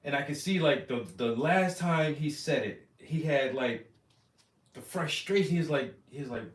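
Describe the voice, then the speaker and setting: Male painter host, loose animated storyteller with profanity; recorded in a room with some reverb, mic at a distance. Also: on the high side, moderate pace, slight background noise. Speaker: oil painter hosting a livestream. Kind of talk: casual chat while painting.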